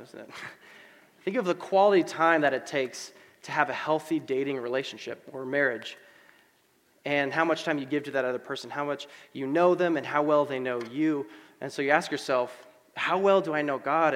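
Man preaching in a reverberant hall. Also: on the high side. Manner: conversational, animated with asides and fillers. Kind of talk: sermon.

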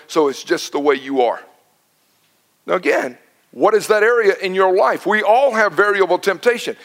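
High-voiced animated male pastor. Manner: animated storytelling with quoted dialogue. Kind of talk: sermon.

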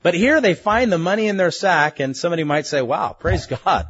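A man preaching a sermon in a lively, conversational way, asking his listeners pointed questions. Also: high voice, fast, dry recording, highs cut off.

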